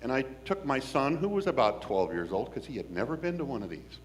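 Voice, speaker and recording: A man from Washington State, telling a personal story in an animated, folksy, wry way. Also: mid-range voice, fairly quick.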